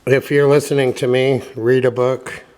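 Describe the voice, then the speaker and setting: Man, casual book reading with commentary, offhand and wry, medium pitch, filler pauses. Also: little pitch movement, a little mellow, clear, resonant tone. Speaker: reader and commentator.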